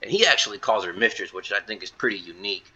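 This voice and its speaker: A man's voice: fairly low pitch, expressive, fast talker, sharp tone, slightly rough. A man casually recapping a story in a loose, rambling way full of fillers, as a video reviewer.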